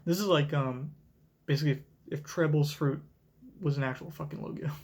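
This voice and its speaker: A young man streaming a live manga reaction, reading aloud and thinking out loud in an excitable, swearing way. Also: a little high, a little fast.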